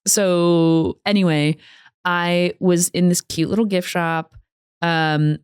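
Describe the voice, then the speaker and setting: Laughing woman, low dry voice. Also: fairly even intonation, slow pace, clean tone, dry recording. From United States. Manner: chatty storyteller, laughs often, acts out quoted lines. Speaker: podcast co-host. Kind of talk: casual podcast chat.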